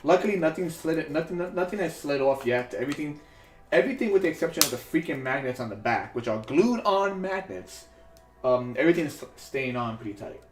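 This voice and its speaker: In his New York home studio, a man hosts a sculpting livestream, making casual conversation as he works and rambling with plenty of fillers and restarts. His voice sits on the high side, a little fast, with lively intonation. The recording has a roomy echo and faint music underneath.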